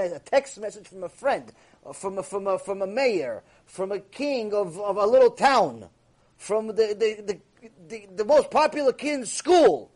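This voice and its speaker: A man teaching a Torah lecture in an animated, repetitive way, acting out voices as he speaks. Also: high voice. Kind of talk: recorded mussar lecture.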